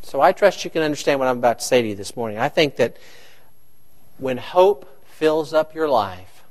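A man preaching a sermon to his congregation, animated and joking with the listeners. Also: medium pitch. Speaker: pastor.

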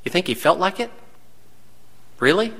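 A man's voice: high voice, expressive, moderate pace, a bit bright, big-room sound. A man preaching a sermon, dramatic and full of rhetorical questions to his congregation. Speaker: pastor.

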